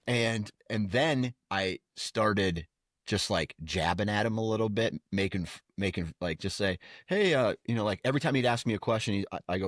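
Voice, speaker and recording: A man's voice: fairly low pitch, normal speed, dry recording, clean studio sound. A man co-hosting a podcast, telling stories in casual chat and slipping into silly voices. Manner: storytelling with put-on voices and laughter. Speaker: podcast co-host.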